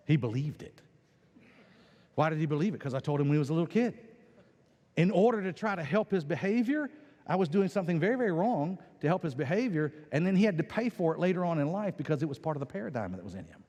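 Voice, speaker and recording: A man preaching a sermon as pastor, animated and playful, acting out quoted voices. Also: on the high side, fast talker. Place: church sanctuary. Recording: long church hall reverb.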